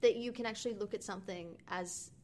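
Speaking fast in a medium-pitched, slightly mellow voice, a young woman co-hosts a podcast and works through a film in casual conversation. She's thoughtful but rambling, leaning on many fillers.

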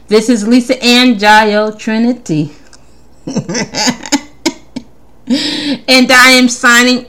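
A woman hosts a podcast with a casual comedic monologue, sounding bright and lively at a medium pitch. She's playful and teasing, laughs often, and keeps restarting her rambling thoughts.

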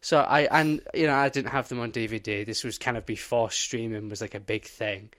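A young man co-hosting a podcast, telling an animated story in casual chat and swearing often. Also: medium pitch, a little fast. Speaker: podcast co-host.

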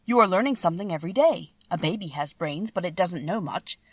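A woman's voice: lowish voice, lively intonation, brisk, husky, no echo. A woman voicing an old, meek and kindly wizard who admits he is a humbug, speaking mildly in an audiobook reading. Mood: gentle.

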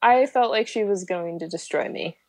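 A woman's voice: medium pitch, moderate pace, a little mellow, dry recording. A young woman chatting casually as a podcast guest, laughing often and filling with lots of likes and ums. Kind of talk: casual chat.

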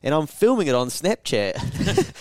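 A man's voice: fairly high pitch, unhurried, no echo, clean studio sound. Swearing young New Zealand man telling stories. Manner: animated, swearing, acts out quoted voices. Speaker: podcast co-host. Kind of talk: casual storytelling chat.

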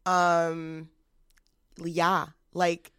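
A woman's voice: lowish voice, little pitch movement, fairly bright tone, smooth. Chatty, agreeable woman on a podcast. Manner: chatty and agreeable, lots of filler and quick affirmations. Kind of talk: casual podcast chat.

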